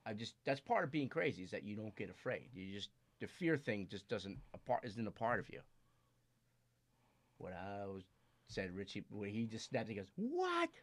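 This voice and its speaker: A man guest in casual chat, telling stories with swearing and loud acted-out quotes. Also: fairly low pitch, moderate pace, no echo. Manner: animated storyteller, swearing, acting out quotes loudly.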